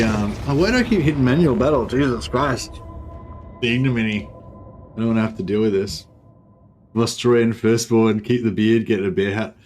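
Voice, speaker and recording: This gaming streamer, a man with a mid-range voice, talks at normal speed while playing a strategy game, rambling casually, cutting himself off and swearing now and then. The audio is poor, with constant background noise.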